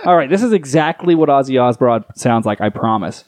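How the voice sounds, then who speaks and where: Giggly self-mocking man, lively voice. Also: mid-range voice, fairly quick, hardly any pauses, dry recording. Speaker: podcast co-host. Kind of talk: comedy podcast banter.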